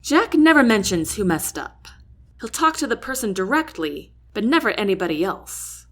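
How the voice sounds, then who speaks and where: A woman's voice: medium pitch, very animated, moderate pace. A woman voicing a blunt, sarcastic young woman soldier who talks in a brusque, matter-of-fact way.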